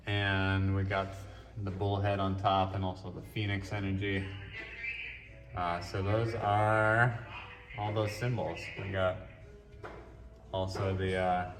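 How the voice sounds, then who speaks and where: A man giving a casual walk-through of his own art show, explaining his works in a relaxed, rambling way with frequent restarts. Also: fairly low pitch. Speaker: artist giving a gallery tour. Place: art gallery show room. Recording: echoey room from a distance with faint music.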